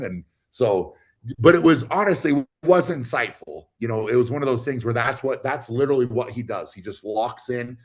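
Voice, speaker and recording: A man talking easily as a guest on a livestream. His voice sits at an ordinary middle pitch. He speaks in a loose, halting way, full of fillers and restarts. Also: lively intonation. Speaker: guest athlete. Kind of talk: casual livestream chat.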